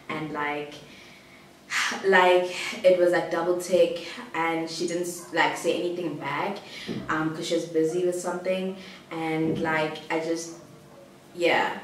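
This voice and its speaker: A young woman from South Africa telling a personal story to camera, rambling and giggly, with many "like" fillers. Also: deep voice. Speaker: vlogger. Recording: roomy echo, distant mic, faint hiss.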